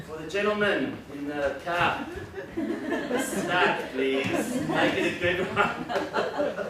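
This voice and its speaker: A man's voice: sits high, recorded from a distance, noisy background. A man giving a teacher training workshop, explaining steps and asking the audience questions in an encouraging way. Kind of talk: workshop presentation. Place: large echoey room with audience. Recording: echoey room recorded from afar.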